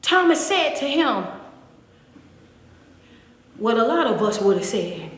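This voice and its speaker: A woman's voice: a little high, sing-song, slow, long pauses. A woman preaching a casual devotional while walking on a treadmill, emphatic and conversational. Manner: emphatic, conversational preaching with call-and-response asides. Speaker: motivational speaker and preacher. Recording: echoey room with long reverb.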